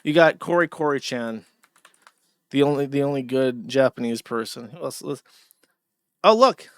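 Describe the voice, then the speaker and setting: A man's voice: medium pitch, lively intonation, moderate pace, smooth, dry recording, clean studio sound. A man hosting a live stream, delivering sardonic and profane commentary. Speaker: streamer host.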